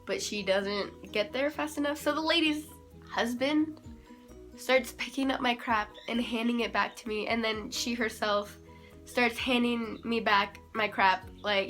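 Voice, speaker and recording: Young female vlogger, higher pitch, animated and self-mocking storyteller. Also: measured pace, soft background music. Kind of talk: casual storytime.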